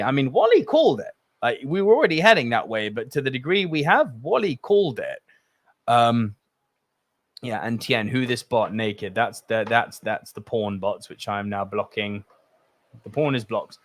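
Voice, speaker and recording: A man's voice: medium pitch, expressive, normal speed, no room sound. Passionate male podcast host, dry sound. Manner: passionate, rambling, emotional. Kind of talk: solo podcast talk, reading live chat.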